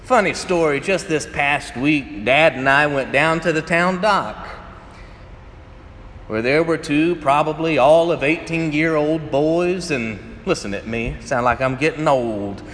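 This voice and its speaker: In an echoey hall with faint ambience, a male pastor gives a conversational sermon, telling stories and laughing often. His voice is fairly high and a bit bright, and he speaks a little slowly.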